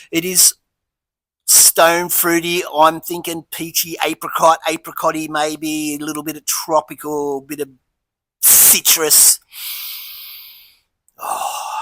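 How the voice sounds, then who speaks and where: A man's voice: fairly high pitch, pushed and bright, no echo, low-quality recording. Chatty Australian man reviewing beer. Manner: chatty, rambling storyteller. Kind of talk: casual beer review vlog.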